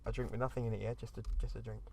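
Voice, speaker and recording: A young English man co-hosting a comic podcast, teasing his friends with quick retorts. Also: medium pitch, little pitch movement, gravelly, crowd noise. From Upminster area of England. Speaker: podcast co-host.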